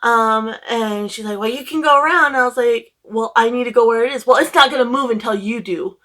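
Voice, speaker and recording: A woman's voice: a little high, fairly quick, pushed and bright. A young woman casually telling a long, emotional story to her camera at home, rambling with many fillers. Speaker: book vlogger.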